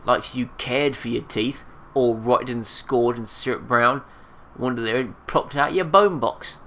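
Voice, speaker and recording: A man's voice: medium pitch, very animated, normal speed, pushed and bright, a little hiss or hum. A man voicing a sour old female corpse-robbing seamstress who mumbles to herself in a sing-song voice. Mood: muttering. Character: shrieking old female ghoulish seamstress, muttering.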